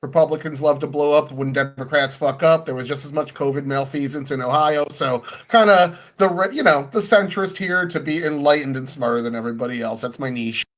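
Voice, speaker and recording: A man on a debate stream who talks with brash, smug confidence and swears casually. His voice sits a little higher than most men's. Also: fairly quick, few pauses, a bit bright. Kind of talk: cocky self-introduction in a stream debate.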